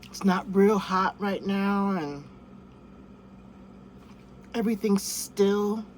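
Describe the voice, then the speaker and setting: A vlogger cooks off grid, in or by a vehicle, and chats casually about her food while talking to her pets. She speaks slowly in a mid-range voice, with slight background noise.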